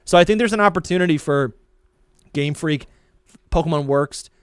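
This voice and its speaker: A man's voice: fairly high pitch, moderate pace, clean tone, dry recording, clean studio sound. Musing male podcast co-host. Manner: reflective, filler-heavy musing. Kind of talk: casual chat.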